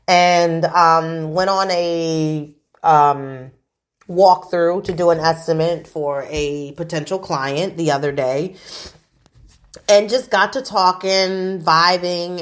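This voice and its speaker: Slow-talking woman in her forties hosting. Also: on the low side. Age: 40s. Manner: profane, chatty storytelling. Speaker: host. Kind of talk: casual chat.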